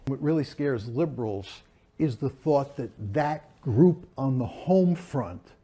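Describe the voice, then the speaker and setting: A man's voice: medium pitch, a little mellow. An older man from the United States giving an academic lecture, emphatic and shifting his pace for stress. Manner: emphatic, speeds up and slows down for stress.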